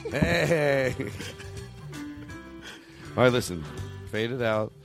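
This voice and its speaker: A man's voice: fairly low pitch, expressive, fast talker, over music. Rambling man hosting a comedy podcast. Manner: rambling, riffing, self-interrupting. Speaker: podcast host. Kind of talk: casual comedy chat.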